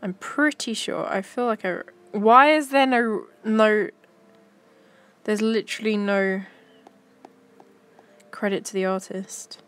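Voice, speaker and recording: A woman's voice: medium pitch, fairly even intonation, slow pace, long pauses, fairly bright tone, clear, resonant tone. A young woman chatting casually to her stream while browsing pictures, giggly and talking to herself.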